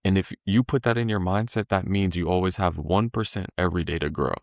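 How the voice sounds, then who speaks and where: A deep-voiced man chats casually as a podcast guest, loose and slangy as he tells his story. The sound is dry and close, with no room around it. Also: fairly quick, creaky, no room sound. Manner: laid-back slangy storytelling, animated when voicing the market.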